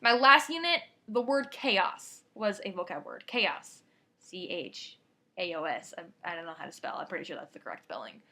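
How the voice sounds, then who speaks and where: Energetic teenage girl vlogging. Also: on the low side, normal speed. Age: teens. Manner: energetic, rambling, self-interrupting. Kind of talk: casual storytelling monologue.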